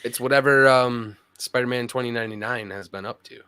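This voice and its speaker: A man co-hosting a casual podcast, relaxed and enthusiastic. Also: mid-range voice, a little fast, clear, resonant tone, dry recording, poor audio. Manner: relaxed, enthusiastic, says dude. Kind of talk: casual chat.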